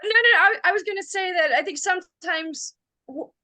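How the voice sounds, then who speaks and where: A woman's voice: very high voice, normal speed, bright, forceful tone. A woman co-hosting a podcast in casual chat, blunt and playful, swearing casually. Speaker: podcast co-host.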